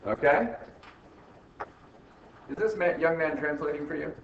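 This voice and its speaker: An American accounting instructor gives a classroom lecture in a slightly high, unhurried voice with vocal fry, constantly asking students "right?" and teasing them with wry jokes. The recording is muffled and echoey, captured from far off in the classroom, with faint hiss.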